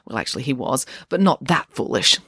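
A storyteller reads a comic tale aloud with playful asides. The voice rises and falls in an animated way. It is recorded close and dry, with no room sound. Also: medium pitch, fairly quick, vocal fry, slightly rough, dry recording. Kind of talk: storybook narration.

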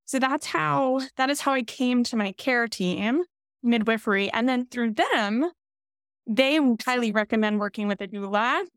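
A woman's voice: on the high side, a little slow, clean tone, dry recording, studio quality. A pregnant woman, a podcast guest, candidly and emotionally recounting her path through pregnancy loss to midwifery care. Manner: candid, emotional, animated quoting of others. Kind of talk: emotional personal storytelling.

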